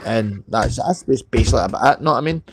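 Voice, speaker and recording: Animated and fast-talking, this mid-range male voice has a breathy edge. The Scottish man is a live stream guest in a casual call, speaking heatedly, swearing a lot, and tacking on "mate" and "know what I mean".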